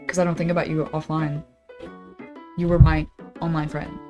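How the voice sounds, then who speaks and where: A woman's voice: deep voice, normal speed, highs cut off. A young woman streamer chatting casually on a study stream, swearing freely as she tells a story and reads messages aloud. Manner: swearing, animated storytelling, reading emails aloud. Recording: faint background music. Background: soft guitar game music.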